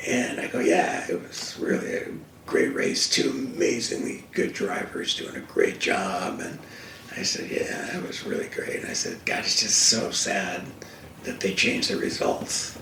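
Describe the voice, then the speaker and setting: This older man's voice sits low and creaky, with a measured pace, as the guest racing TV commentator tells emphatic, animated stories by the fireside in casual conversation. The echoey room, distant mic, and faint hiss are audible.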